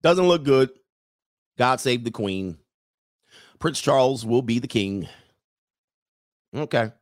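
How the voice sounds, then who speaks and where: A man's voice: mid-range voice, animated, takes it slowly. Rambling joking man hosting a stream. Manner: rambling, joking, reads viewer comments aloud. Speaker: livestream host. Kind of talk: casual livestream monologue.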